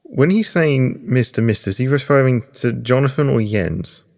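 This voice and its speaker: A man playing a tabletop game, measured, narrating his character's actions. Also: medium pitch, animated, gravelly, a little mellow. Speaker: player.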